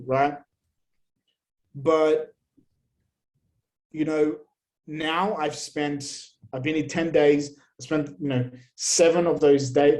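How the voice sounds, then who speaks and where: A man's voice: a little high, poor audio. A man, a podcast guest, talking bluntly in a casual interview and swearing often. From Australia. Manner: blunt, heavy swearing, animated rants.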